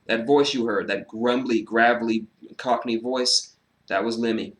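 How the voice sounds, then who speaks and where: A man at medium pitch takes his time reviewing a wrestling show by himself. He sounds casual and animated, sarcastic throughout, swearing without restraint and filling gaps with frequent fillers.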